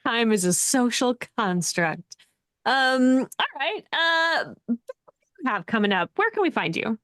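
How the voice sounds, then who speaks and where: Casting: giggly female stream host, fairly high voice, dry close sound. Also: very animated, a little slow, fairly bright tone, dry recording. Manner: giggly, self-deprecating, bubbly. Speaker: game master and host. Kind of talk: casual chat, show outro.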